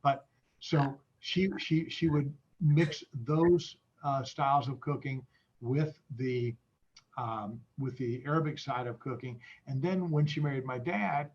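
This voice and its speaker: Male guest, mid-pitched, halting and friendly, on slightly dull video-call audio. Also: a little mellow, husky. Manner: halting, many restarts and fillers, friendly. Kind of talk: casual video-call interview.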